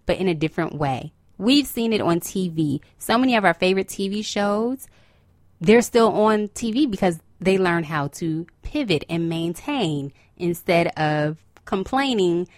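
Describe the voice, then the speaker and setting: A woman's voice: on the low side, unhurried, darkish tone, no echo, studio quality. Upbeat chatty woman podcast host. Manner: upbeat, chatty, laughs often. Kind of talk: casual motivational podcast talk.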